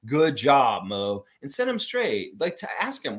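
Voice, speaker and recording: A man hosting a live sports fan stream, chatting casually as he reads viewer comments, animated and swearing freely. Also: unhurried, few pauses. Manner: animated, swings high when mocking others, swears freely.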